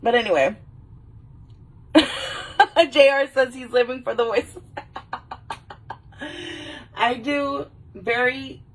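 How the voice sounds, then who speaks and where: A tipsy woman rambles and swears cheerfully with a husky, slightly breathy voice. She sits a little back from the microphone, so she sounds distant. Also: a little high. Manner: rambling, swears a lot, does quick silly movie voices. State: a little drunk. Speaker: vlogger. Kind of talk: casual tipsy chat.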